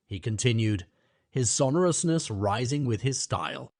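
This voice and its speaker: A man narrating a classic novel as an audiobook, in a measured, even way. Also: mid-range voice, dry recording, studio quality.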